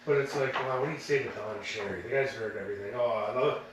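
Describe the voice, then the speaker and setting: A man co-hosts a casual podcast, spinning animated anecdotes and slipping into the voices of the people he quotes. His voice sits in a very echoey room, picked up from a distance with a faint hiss behind it. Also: mid-range voice, fast. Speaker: podcast co-host. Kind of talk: casual chat.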